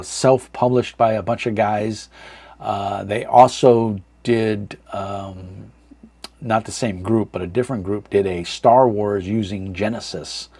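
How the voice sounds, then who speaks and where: A man in his thirties hosting a casual live chat from a dark room at home, rambling with many fillers and reading chat comments aloud. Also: fairly low pitch, slightly rough, dry recording. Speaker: livestream host.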